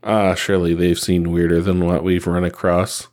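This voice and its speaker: A man's voice: sits low, flat delivery, moderate pace, darkish tone. A man voicing an easygoing male companion in a read-aloud story, speaking in an offhand, casual way.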